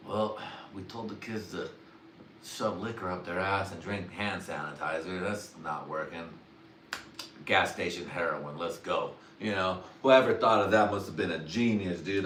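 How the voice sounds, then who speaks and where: Profane low-voiced man riffing in a roomy space. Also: moderate pace, a bit bright, a little hiss or hum. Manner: profane, rambling, often laughing at his own jokes. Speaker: livestream comedian. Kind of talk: crude stand-up riffing on a livestream. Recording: roomy sound, distant from the mic, faint ambience.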